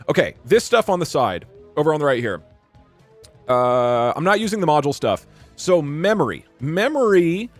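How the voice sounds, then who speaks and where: A man streaming live, talking in an excitable, rambling and joking way. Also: fairly high pitch. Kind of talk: casual live-stream chat.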